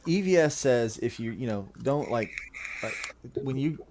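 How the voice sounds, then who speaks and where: A man's voice: mid-range voice, animated, unhurried, background noise. A man chatting casually as a guest on a livestream, joking and tripping over his words. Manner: jokey, stumbles over words, tired.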